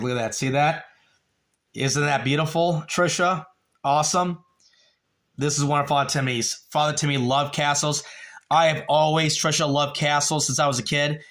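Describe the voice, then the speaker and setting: A male live streamer chats on camera in a rambling, halting way, full of fillers and restarts. His voice is bright and forward, at an ordinary pitch for a man. He keeps addressing a friend by name and turns emotional about a dead relative.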